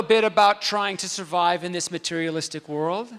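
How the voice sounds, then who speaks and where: A man giving a storytelling talk on stage, animated and comic, acting out the voices in his stories. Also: high-pitched, moderate pace, clean tone. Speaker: speaker at a convention. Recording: long hall reverb.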